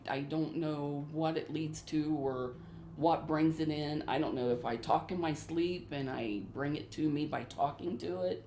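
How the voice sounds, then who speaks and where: A woman's voice: low voice, normal speed, warm tone. A middle-aged woman earnestly and anxiously recounting frightening experiences in her home, often repeating herself, recorded in an echoey room with faint noise. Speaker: homeowner describing hauntings. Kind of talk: recounting experiences on a paranormal show.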